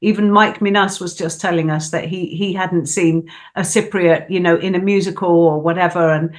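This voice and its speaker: A woman's voice: lowish voice, fairly even intonation, moderate pace. Enthusiastic older woman, chatty guest. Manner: enthusiastic, frequent "you know". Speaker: guest performer. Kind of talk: casual studio interview.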